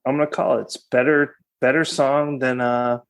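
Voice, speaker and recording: A man talking as a podcast guest in casual chat, animated and full of swearing and "like". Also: medium pitch, normal speed, clean tone. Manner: animated, swears, heavy use of "like".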